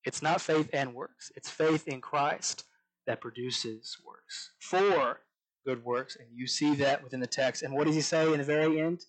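Pastor, higher voice, slow emphasis. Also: male voice, poor audio. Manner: slow emphatic scripture reading, drops to soft voice on key lines. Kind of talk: sermon.

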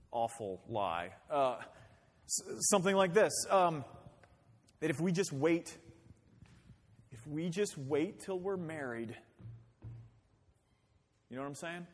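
A man pastor preaching a sermon in a conversational way, with rhetorical questions and acted-out quotes. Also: fairly high pitch. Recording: long hall reverb.

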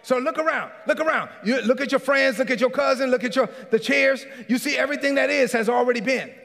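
A man preaching a sermon as a pastor in a church. He preaches emphatically, often shouting, and calls out congregants by name. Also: very high voice, quick pace, gravelly. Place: church sanctuary. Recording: reverberant hall.

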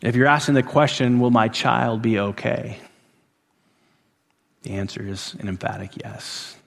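A man preaching a sermon who repeats phrases for emphasis, rising to loud emphatic peaks and dropping to hushed endings. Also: medium pitch, measured pace, vocal fry, long reverb tail. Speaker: pastor.

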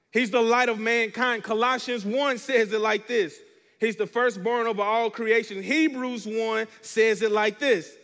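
High-voiced pastor preaching in a hall. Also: male voice, fairly bright tone. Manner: preaching, asks the congregation to respond. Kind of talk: sermon. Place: church.

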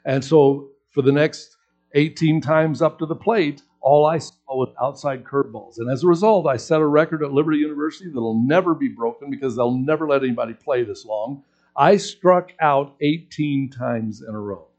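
A man preaching a sermon, telling a personal story with acted-out quotes and lively swings in voice. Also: mid-range voice, moderate pace, muffled recording. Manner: animated storyteller acting out quotes. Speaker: pastor.

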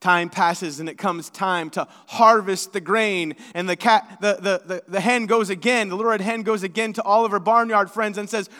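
Man, pastor, folksy sermon, high voice, long church reverb. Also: fairly even intonation, normal speed, few pauses, bright, forceful tone. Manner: folksy, conversational, repeats words. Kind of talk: sermon with prayer and storytelling.

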